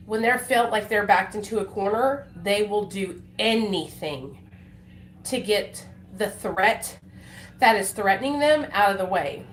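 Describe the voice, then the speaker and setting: A woman, chatting on a casual live stream in a rambling, emotional way with many fillers and restarts. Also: medium pitch. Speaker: livestreaming vlogger. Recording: echoey room with faint noise.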